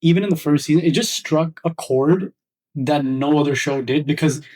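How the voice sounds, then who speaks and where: A man's voice: fairly high pitch, normal speed, distant mic. Easygoing man host, slightly off-mic. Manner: relaxed, agreeable, backchannels a lot. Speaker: podcast host. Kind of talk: casual interview chat. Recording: voice a bit off-mic.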